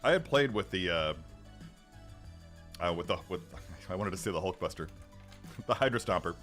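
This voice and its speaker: A man's voice: deep voice, expressive, moderate pace, fairly bright tone. A middle-aged man hosting a casual livestream, rambling with many restarts and little chuckles while reading the chat. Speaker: livestream host. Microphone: studio microphone. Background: faint background music.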